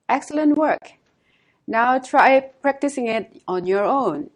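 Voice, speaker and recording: A woman teaching a language lesson, giving dates and modelling each pronunciation slowly and carefully. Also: sits high, animated.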